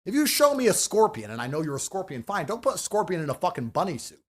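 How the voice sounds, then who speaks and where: A man ranting forcefully and profanely in a heated podcast debate. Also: high voice, big pitch swings, quick pace, husky. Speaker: podcast guest.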